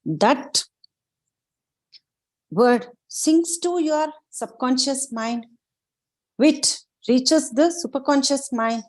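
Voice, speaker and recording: A woman talks listeners through a self-help book. Her voice sits a little high and she takes her time, pausing with small fillers as she speaks to them as friends. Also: a little mellow, rough recording. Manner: slow, earnest and encouraging, with frequent fillers. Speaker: spiritual book discussion host.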